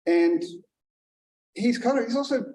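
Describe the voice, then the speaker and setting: A man giving a humorous contest speech, with wry, deadpan asides. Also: measured pace. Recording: echoey hall, distant mic, faint rumble.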